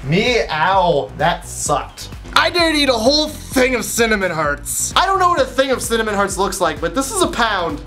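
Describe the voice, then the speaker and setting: A man's voice: extremely high pitch, very animated, normal speed, few pauses, bright, forceful tone, faint music behind. Goofy young man hosting a dare vlog. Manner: goofy, wry asides. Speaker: host of a dare show. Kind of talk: comedic web vlog.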